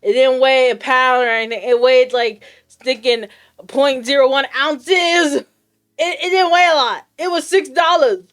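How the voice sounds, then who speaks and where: A woman streamer from the United States with Puerto Rican roots, telling a story to her chat in a casual, animated rant and acting out both sides of the exchange. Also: high-pitched, measured pace. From United States, of Puerto Rican Caribbean roots. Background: faint lo-fi music.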